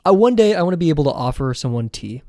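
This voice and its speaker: A man's voice: on the high side, big pitch swings, fast, warm tone, no room sound, clean studio sound. Rambling young man chatting on stream. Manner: rambling, self-deprecating, laughing often. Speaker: drawing livestreamer. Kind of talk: casual chat with viewers while drawing.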